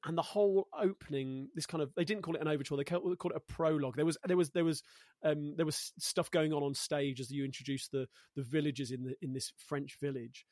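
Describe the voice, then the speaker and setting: A man's voice: a little high, fairly even intonation, quick pace, darkish tone, no room sound, studio quality. A man in his thirties from Coventry, a guest chatting thoughtfully in an interview, searching for words and joking at his own expense. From Coventry, England. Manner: thoughtful, searching for words, self-deprecating humor. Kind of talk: casual conversational interview.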